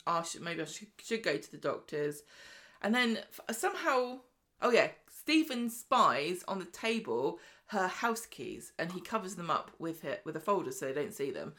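A woman co-hosting a podcast, chatting and retelling soap episodes in an animated way. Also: on the low side. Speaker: podcast co-host. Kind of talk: casual chat recapping a soap.

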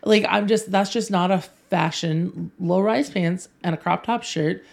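A woman's voice: on the low side, measured pace, vocal fry. A woman co-hosting a podcast, chatting casually and telling stories with frequent laughs. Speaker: podcast co-host. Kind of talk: casual chat.

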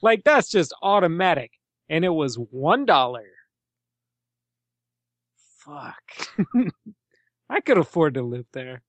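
A man's voice: fairly high pitch, very animated, takes it slowly, long pauses, no echo. A young man co-hosting a podcast, chatting casually about a film, laughing often and swearing freely. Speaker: podcast co-host. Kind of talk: casual film-discussion chat.

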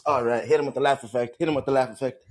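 Fast-talking clowning man. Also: mid-range voice, fairly even intonation, darkish tone, slight background noise. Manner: clowning, singing and goofing around. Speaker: voice chat participant. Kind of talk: casual group chat.

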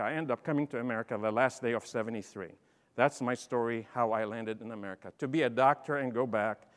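Animated man in a reverberant hall. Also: medium pitch. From Lebanon. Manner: animated, humorous, acts out dialogue. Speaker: keynote speaker. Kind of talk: storytelling talk to an audience. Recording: long reverb in a large hall.

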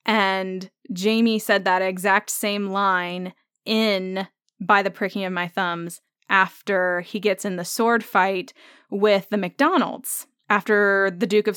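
Smooth-voiced woman hosting a podcast. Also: medium pitch, fairly bright tone, no room sound, studio quality. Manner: thoughtful, conversational, thinking aloud with fillers. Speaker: podcast host. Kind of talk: solo podcast episode discussion.

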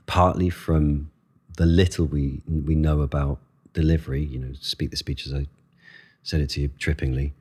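A man with an extremely deep, husky voice talks through ideas in a relaxed interview. He is thoughtful and expressive, speeding up in bursts and then slowing to pick his words. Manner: thoughtful, expressive, quick bursts between pauses. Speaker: actor and guest. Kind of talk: conversational interview answers.

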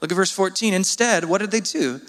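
A man preaching a sermon as pastor, earnest and pleading, his voice jumping up in pitch when he presses a point. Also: a little fast, fairly bright tone, in a large hall.

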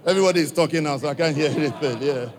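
This man's voice is a little high and his delivery rapid-fire. He has an African accent and addresses a church gathering, coaxing the audience with a steady stream of direct questions.

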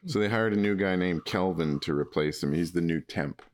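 A man's voice: deep voice, normal speed, no room sound. A man co-hosting a casual podcast, chatting loosely and trading dad jokes. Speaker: podcast co-host. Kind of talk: casual chat.

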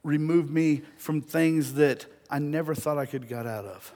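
A man preaching a sermon, telling a story and building to loud, emphatic peaks. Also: a little high, measured pace.

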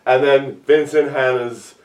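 A man chatting casually about a movie, acting out scenes with yelps and shouted sound effects. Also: mid-range voice, steady tone, measured pace, distant mic. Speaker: podcast co-host discussing a movie. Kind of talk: casual chat.

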